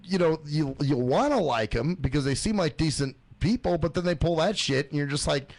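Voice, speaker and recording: A man's voice: fairly high pitch, brisk, a little mellow. A man hosting a casual radio talk show, rambling and swearing with lots of fillers. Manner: loose, swearing, laughing, rambling with many fillers. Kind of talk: casual chat.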